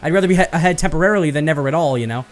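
A young man giving casual, profane let's-play commentary with loud outbursts and fast rambling. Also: on the high side. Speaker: gaming YouTuber.

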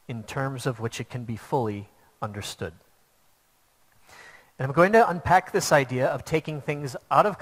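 Male pastor, earnest storytelling sermon, mid-pitched, long hall reverb.

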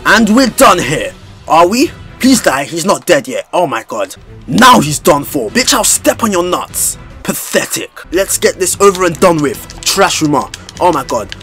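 A young man giving loud, excitable gameplay commentary full of trash talk, swearing and sudden outbursts. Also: on the high side, measured pace, faint music behind. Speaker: gaming YouTuber.

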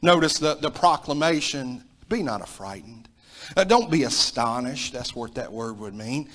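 A Southern American pastor preaches a sermon in an emphatic, repetitive style, his mid-pitched voice building to loud peaks before dropping low. He is expressive and keeps a measured pace.

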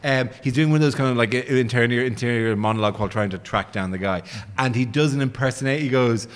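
A man with an Irish accent, a podcast guest, chatting casually with halting restarts. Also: medium pitch. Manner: rambling, halting restarts and impressions. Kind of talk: casual pub chat.

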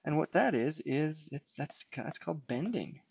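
A man with a slightly high, animated voice speaks at a moderate pace, with vocal fry and a slightly rough quality. He gives an unscripted whiteboard lecture, explaining step by step as he draws, often restarting phrases and using fillers. The recording sounds dull and lo-fi.

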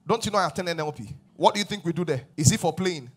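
A man preaching a sermon as pastor, swinging from loud exhortation to hushed asides. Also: a little high, animated, racing.

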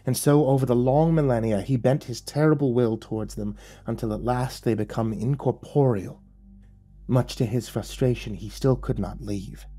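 A man voicing a gentle male angel messenger, speaking softly, solemnly and slowly in a dark, husky voice. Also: mid-range voice, faint music behind, natural voice. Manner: soft, solemn, slow and pleading.

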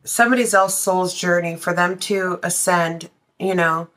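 A woman's voice: lowish voice, fairly even intonation, measured pace, fairly bright tone. Blunt, cursing woman tarot reader. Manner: blunt, swears freely, breaks into sung lines. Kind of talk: casual tarot reading.

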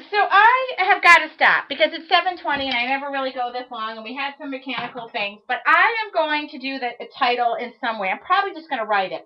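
A woman demonstrating a mixed-media art piece on a live stream, talking to herself and her viewers as she works in a home studio. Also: high voice. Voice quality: chatty, self-talking. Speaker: art instructor. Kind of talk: live-streamed craft demo chat. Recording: lo-fi webcam stream audio.

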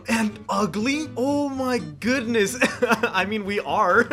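A man giving excited gameplay commentary as a gaming YouTuber, gasping and laughing often. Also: very high-pitched, drawn-out words. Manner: drops to a hushed voice when sneaking.

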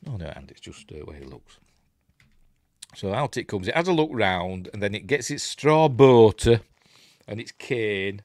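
A man with a Yorkshire accent talks over a film in a rambling, chatty way, slipping in chuckles and asides. His voice sits fairly low but swings up and down a lot. The sound is dry and close, with no room echo. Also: lively intonation, measured pace, pauses often. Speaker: host of a film watch-along channel. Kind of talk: casual running commentary while watching a film.

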